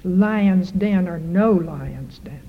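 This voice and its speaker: A woman's voice: on the low side, drawn-out words, husky. A woman preaching a sermon, driving her points home with repeated rhetorical questions. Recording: muffled hall recording with reverb.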